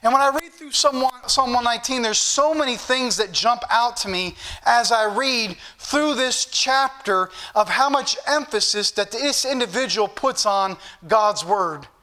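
A man preaching an evening sermon in a high, bright, forceful voice. He teaches earnestly and repeats key words for emphasis. He slows right down and lifts his voice when he reads verses aloud. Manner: slows down and rises in pitch when reading scripture aloud; earnest, repetitive teaching delivery.

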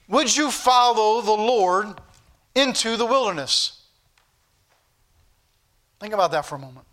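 A man's voice: high-pitched, a bit bright. A man preaching a Sunday school sermon, earnest and rising to fervent questions, with old-fashioned scripture phrasing.

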